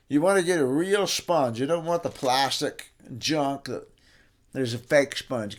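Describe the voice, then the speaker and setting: Folksy chatty man teaching guitar care. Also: mid-range voice. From New Mexico, US. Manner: folksy, chatty, self-correcting. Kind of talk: casual how-to demonstration. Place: guitar workshop.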